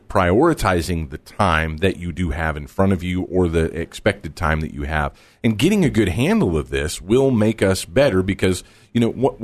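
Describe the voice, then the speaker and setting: A man with a Texas accent hosting a radio talk show, talking in an emphatic, conversational way into a studio microphone. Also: deep voice.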